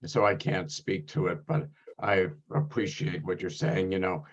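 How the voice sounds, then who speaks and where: A hoarse, scratchy-voiced man speaks a little low, explaining himself in a measured, defensive way. His voice comes through a muffled, lo-fi video call connection. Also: fairly even intonation. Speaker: workgroup member.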